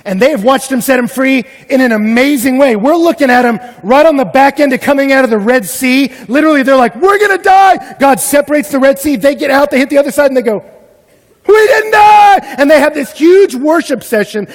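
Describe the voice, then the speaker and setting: A man preaching a sermon as a pastor, telling a personal story in an animated way and acting out his own panic. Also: very high-pitched, fast, hardly any pauses. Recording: long hall reverb.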